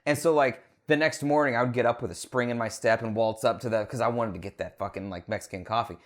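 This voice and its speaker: A man co-hosts a podcast, telling animated stories in casual chat and swearing freely. His voice sits at a medium pitch and he talks fast.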